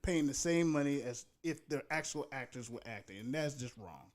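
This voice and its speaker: A man's voice: mid-range voice, lively intonation, moderate pace. A man co-hosting a casual podcast chat, ranting with passion and often repeating himself. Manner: impassioned, ranting, repeats "go ahead". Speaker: podcast co-host.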